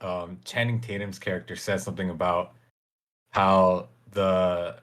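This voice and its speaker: A man's voice: deep voice, flat delivery, unhurried, a bit bright. A man co-hosting a casual podcast, teasing his partner and searching aloud for words. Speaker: podcast co-host.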